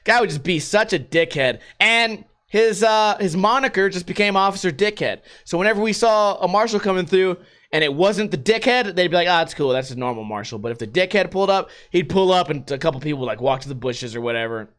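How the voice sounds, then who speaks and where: A young man hosting a podcast, rambling through a profane, animated story in casual talk. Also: sits high, brisk. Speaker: podcast host.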